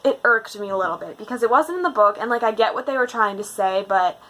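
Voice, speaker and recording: A young woman in a casual, rambling movie-ranking chat, gushing and animated with lots of fillers. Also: on the high side, quick pace, low-quality recording. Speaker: book video host.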